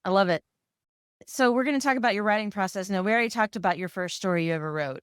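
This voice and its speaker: A woman's voice: mid-range voice, fast talker, clean tone, dry recording, studio quality. A woman hosting a casual interview podcast, asking questions and encouraging her guest. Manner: encouraging, asks questions, frequent backchannel. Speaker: podcast host.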